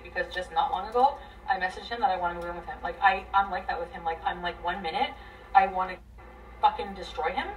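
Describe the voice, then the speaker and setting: A woman venting a tangled relationship story, profane and rambling, her voice swinging between loud bursts and near mutters. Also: mid-range voice, far from the mic, slight background noise, poor audio. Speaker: guest telling her story. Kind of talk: emotional venting.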